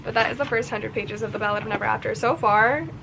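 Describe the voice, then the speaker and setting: A young woman in her twenties recapping a book in a casual reading vlog, excitable and chatty, acting out the characters' lines as she goes. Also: fairly high pitch, fast, vocal fry, slight background noise, low-quality recording. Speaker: book vlogger.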